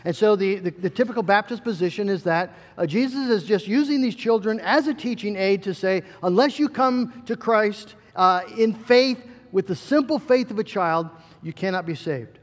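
A man's voice: high-pitched, moderate pace, hardly any pauses, big-room sound. A pastor delivering an earnest, emphatic sermon, often repeating words as he builds a point.

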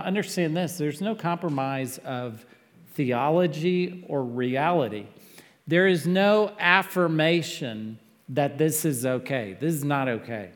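A man preaching a sermon as pastor, earnest and emphatic, with sudden loud peaks. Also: medium pitch, big-room sound.

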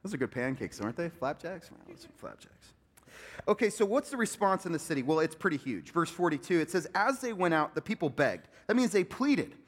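A man preaching a sermon as pastor, swinging between loud emphatic peaks and soft low asides. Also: very animated, brisk, hardly any pauses. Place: church sanctuary. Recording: long hall reverb.

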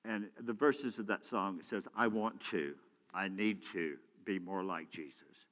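Pastor, male, bright ringing delivery in a reverberant sanctuary, shifts between loud exhortation and quiet prayer. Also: low-pitched, measured pace. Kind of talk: sermon. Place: church sanctuary. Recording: church hall with long reverb.

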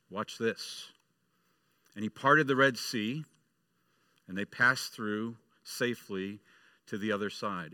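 A man's voice: on the low side, sharp tone, no room sound, clean studio sound. A male pastor preaching a sermon, telling a story and acting out its voices.

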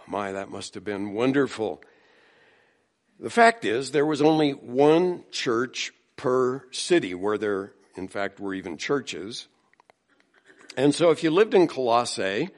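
A man pastor preaching a sermon in a church, talking in a relaxed, conversational way and mimicking the people in his stories. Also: medium pitch. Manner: slow, conversational preaching with mimicked voices in anecdotes. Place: church sanctuary.

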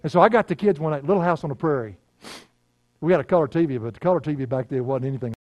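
An older man, preaching a sermon in a folksy storytelling way, laughing often and dropping to a hush. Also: fairly high pitch, racing, no echo. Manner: folksy storytelling, laughing, swings from loud to hushed. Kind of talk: sermon with personal stories.

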